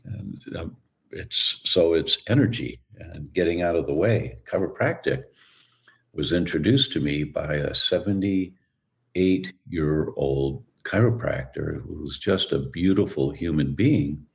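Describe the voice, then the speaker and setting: A man telling stories as a guest in an interview, relaxed and acting out the voices of people he quotes. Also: a bass voice, slow, creaky. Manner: relaxed storyteller who acts out quoted voices. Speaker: guest, chiropractor. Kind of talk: storytelling interview answer.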